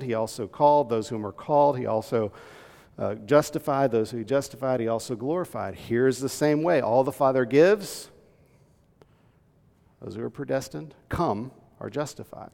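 A man preaching with a gravelly, creaky voice, reading verses and teaching with earnest emphasis. His voice carries a long reverb, as if in a large hall. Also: mid-range voice, dark tone. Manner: earnest teaching, reading scripture aloud, rising to emphatic peaks. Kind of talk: sermon.

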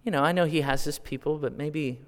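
A man from California preaching a sermon, asking the congregation questions and swinging between quiet asides and loud, drawn-out appeals. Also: on the high side. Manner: asks the congregation direct questions. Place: church sanctuary. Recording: long hall reverb.

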